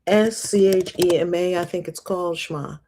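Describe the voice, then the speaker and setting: A middle-aged woman hosting a casual livestream about scripture, chatty and animated, laughing often. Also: on the low side, moderate pace, a little hiss or hum. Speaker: host reading and discussing scripture.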